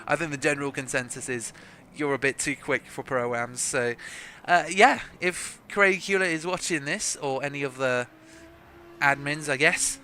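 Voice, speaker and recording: A man's voice: a little high, measured pace, sharp tone. A young man from South Africa giving live sim racing commentary in a chatty, joking, self-deprecating way. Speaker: race commentator.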